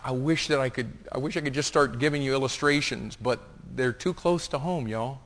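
A man preaching a sermon as pastor, swinging from hushed asides to loud, impassioned reading. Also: medium pitch. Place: church sanctuary. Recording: long reverb of a large hall.

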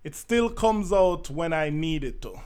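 A man's voice: a little high, expressive, measured pace, a little mellow, clear, resonant tone. A man in his thirties from Jamaica, hosting a podcast in a candid, blunt monologue with frequent fillers. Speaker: podcast host. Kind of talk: casual monologue.

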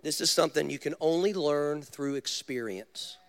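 A man, a pastor, preaching a sermon with animated storytelling and direct questions to the congregation. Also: fairly high pitch, moderate pace.

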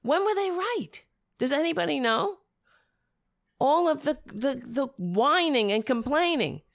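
Woman host losing her voice, sarcastic, pitch jumps all over, unhurried, no room echo. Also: vocal fry, clean studio sound. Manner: sarcastic, animated, rambling. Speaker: political talk show host. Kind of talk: casual opinion commentary.

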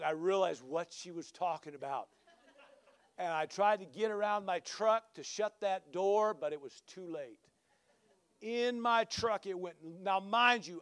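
A man preaching a sermon, telling a personal story with lively rambling and loud exclamations. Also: sits high, smooth, no echo. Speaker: pastor.

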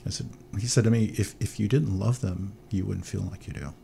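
A man, a priest and military chaplain, telling animated stories as an interview guest. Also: fairly low pitch, a little fast, vocal fry, slight background noise. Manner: animated storyteller, upbeat. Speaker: chancellor of military archdiocese.

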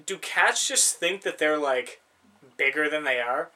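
A man's voice: a little high, measured pace, sharp tone. A man in casual chat, rambling through stories, swearing freely and laughing often.

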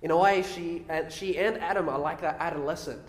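Man preaching, slightly high voice, reverberant hall, long echo. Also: a little fast. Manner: explains verses, reads aloud, rhetorical questions. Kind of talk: sermon on scripture.

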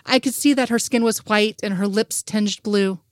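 A woman's voice: medium pitch, fairly even intonation, moderate pace, dry recording, studio quality. A woman reading a fanfic aloud in first-person narration, with an earnest, emotional delivery.

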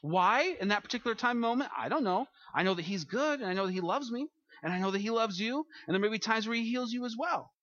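A man's voice: sits high, expressive, fast, fairly bright tone, dry recording, highs cut off. A man preaching a sermon as pastor, earnest, often restarting and repeating words, rising for emphasis.

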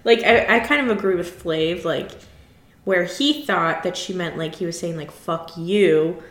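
A woman's voice: fairly low pitch, expressive, normal speed, fairly bright tone. Chatty lady cohost, laughs a lot, kinda echoey room. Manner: chatty, laughs often, many fillers. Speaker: podcast co-host. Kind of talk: casual recap chat.

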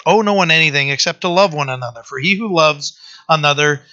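A male pastor preaching a conversational sermon, often pausing with fillers and restarting his sentences. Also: fairly high pitch, pushed and bright, muffled recording.

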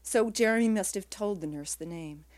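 A woman writer reading her own literary prose aloud in a quiet, measured way, her phrases trailing off softly. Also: mid-range voice.

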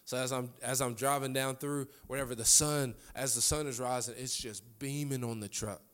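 A male pastor delivers a sermon in a church. His pitch sits in an ordinary middle register. He speaks earnestly and leans on repetition to drive each point home. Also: fairly even intonation, moderate pace, a bit bright, clean tone. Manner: earnest, repeats key lines for emphasis. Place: church sanctuary.

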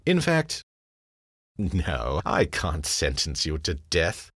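A man's voice: extremely low pitch, huge pitch swings, takes it slowly, a bit bright, no room sound, studio quality, full character voice. A pompous, sardonic king. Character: vain, flippant middle-aged male king. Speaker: lead of the show. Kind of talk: comedy radio play acting.

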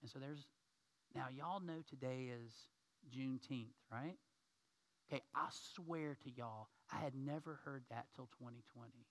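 A man preaching a sermon to his congregation, telling a story in a lively way and acting out the people in it. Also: mid-range voice, a little slow. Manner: storytelling, acts out quoted people; addresses congregation as y'all. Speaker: pastor.

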